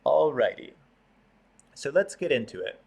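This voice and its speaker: A man's voice: medium pitch, sing-song, unhurried, creaky, a little mellow, slightly rough. A man teaching an online class on prayer, explaining terms patiently with frequent fillers and restarts.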